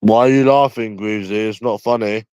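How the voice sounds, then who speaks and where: Casting: young London man, lowish voice, dry close sound, blunt and profane livestream chatter. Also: fairly even intonation, a little fast, darkish tone, clean tone, dry recording. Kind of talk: casual livestream chat.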